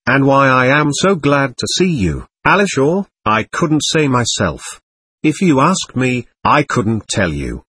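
A man raising his voice to play an excitable young woman who chatters and teases with a lilting, lively rise and fall. The tone is a little husky and dry, and it is heard close up as a storybook reading. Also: mid-range voice, a little slow, dry recording, full character voice. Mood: excited. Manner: chattering, teasing, bright lilt.

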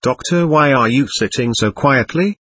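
A man reading the part of a patient doctor who questions and lectures a spirit in a séance record, with a husky voice. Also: mid-range voice, normal speed, a bit bright, dry recording. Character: calm, firm male doctor questioning a spirit. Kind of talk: reading a séance transcript aloud.

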